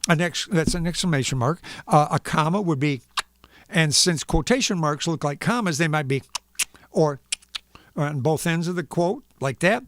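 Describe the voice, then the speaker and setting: Man, musician on a live stream, comic storytelling, sound effects for punctuation, lively up-and-down voice, dry sound. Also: a little high, dry recording. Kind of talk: comedic reading on a live stream.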